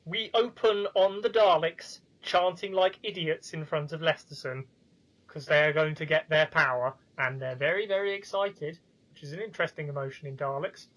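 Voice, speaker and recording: A man's voice: on the high side, fairly even intonation, moderate pace, fairly bright tone, rough recording. A man co-hosting a review podcast, recapping the plot with enthusiasm in casual chat. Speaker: podcast co-host.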